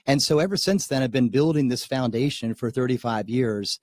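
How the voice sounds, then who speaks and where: A man's voice: mid-range voice, normal speed, darkish tone, no room sound. Male guest co-host, eager and sincere, close dry studio mic. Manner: upbeat, earnest, agreeable. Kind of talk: casual radio talk. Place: radio studio.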